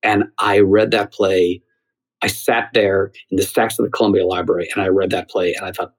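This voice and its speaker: A middle-aged man from the United States, a theater critic, telling anecdotes in conversation in an animated way, often repeating words. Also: low voice, brisk, husky, rough recording.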